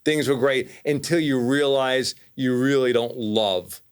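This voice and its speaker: A man's voice: unhurried, clear, resonant tone. Rambling New York man in his fifties. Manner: rambling, many restarts, rises in pitch when making a point. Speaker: podcast guest, mortgage lender. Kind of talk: casual interview chat.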